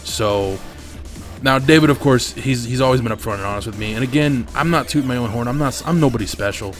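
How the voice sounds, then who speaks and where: A man's voice: medium pitch, a little fast, faint music behind. A man hosting a gaming channel, telling a long personal story over his gameplay in a candid, swearing, rambling way, on a desk mic at home.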